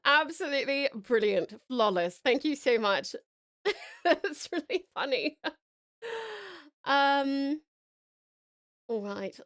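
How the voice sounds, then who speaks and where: An Australian woman from Tasmania, chatting casually and excitedly with viewers on a live stream, giggling often. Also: fairly high pitch.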